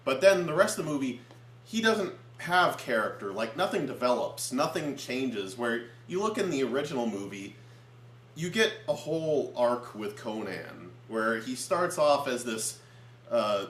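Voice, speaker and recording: A man's voice: medium pitch, expressive, unhurried, fairly bright tone. A man co-reviewing a film in casual chat at home, earnestly explaining his points at length. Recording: echoey room with faint hum.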